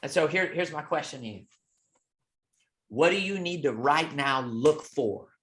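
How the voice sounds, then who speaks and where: A man coaching with a motivational talk, telling a story in an emphatic, preacher-like rhythm. He keeps asking "okay?" and moves between loud and soft. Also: a little high, lively intonation, a little slow. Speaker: real estate coach.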